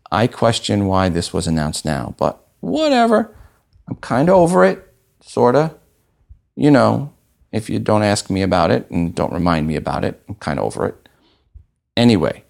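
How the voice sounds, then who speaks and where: A man's voice: low-pitched, vocal fry. A man hosting a podcast solo, talking casually with wry asides. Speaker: podcast host.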